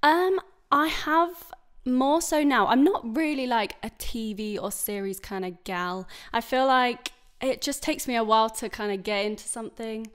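A woman's voice: a little high, moderate pace, fairly bright tone, smooth. A young woman from England talks easily as a podcast guest. She laughs often and fills her sentences with ums and likes. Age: young adult. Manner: giggly, chatty, lots of fillers. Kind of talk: casual chat.

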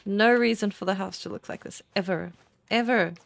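A woman's voice: medium pitch, fairly quick, gravelly, dry recording. A woman streamer giving casual, gushing commentary while playing a game, often exclaiming. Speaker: gaming streamer. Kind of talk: casual let's-play commentary. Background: faint game music.

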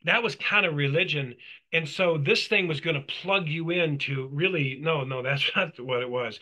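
A middle-aged man tells his story in a casual talk, his voice slightly high and strikingly bright. He gets animated and acts out what people said. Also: moderate pace, rough recording. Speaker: co-host. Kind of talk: casual testimony chat.

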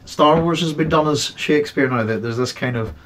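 A man's voice: a little high, a little fast, slight background noise. Male host, casual, meandering chat from his home setup. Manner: rambling, many restarts and fillers.

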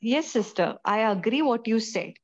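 A woman teacher with a fairly high voice leads a prayer group, affirming the speakers and building her points with repetition. Her voice comes through dull, lo-fi call audio. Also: lively intonation, normal speed. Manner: affirming, preaching cadence with repetition. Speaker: Bible teacher leading the group.

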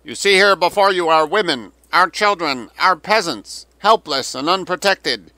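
A man voicing a male agitator who booms pleas across a river through loudspeakers. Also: lively intonation, moderate pace, no echo, rough recording. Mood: pleading. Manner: booming, pleading oratory.

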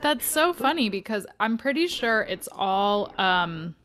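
A woman's voice: medium pitch, sing-song, a little slow, a bit bright, slight background noise. A woman singer hosting a casual fan video call, upbeat and friendly. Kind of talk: casual chat.

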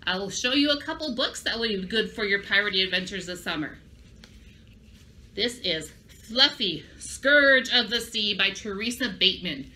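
A woman's voice: a little high, lively intonation, normal speed, bright, forceful tone. A woman librarian giving a children's craft and story lesson, upbeat and speaking directly to young kids.

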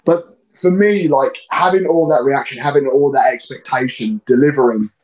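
A man's voice: medium pitch, moderate pace, a little mellow, rough recording. A man in his thirties with a London accent, a guest telling blunt, slangy, swear-laden stories in a casual interview. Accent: London English. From England. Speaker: guest wrestler.

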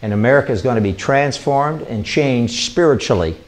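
Older male evangelist, excitable, rambling, informal sermon talk, mid-pitched voice. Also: normal speed. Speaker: evangelist hosting a ministry show.

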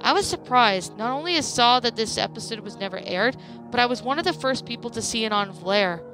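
A woman narrating a creepypasta story in a plain, steady reading voice. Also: on the high side, a little fast, over music.

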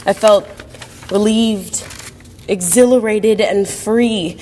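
A woman's voice: medium pitch, steady tone, normal speed, darkish tone, a little hiss or hum. A woman telling a personal story as a monologue on stage, reflective in manner. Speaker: monologue performer. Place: university event hall. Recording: long hall reverb.

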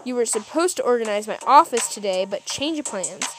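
A woman voicing a bossy, sharp-tongued male film director who scolds his staff, with music playing underneath. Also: on the high side, expressive, a little fast, natural voice. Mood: brisk.

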